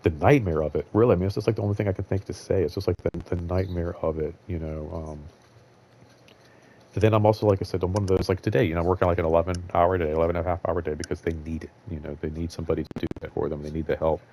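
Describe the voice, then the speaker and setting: A young man hosts his own show in a casual, rambling monologue, speaking in a low-pitched, dark-toned voice with fairly even intonation at a racing pace. He's candid and loose, his talk full of fillers and blunt swearing.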